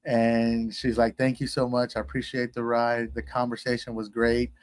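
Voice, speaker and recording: A man's voice: mid-range voice, completely flat delivery, moderate pace, no echo. A man from Texas, a guest telling a personal story in casual conversation, acting out the voices he quotes.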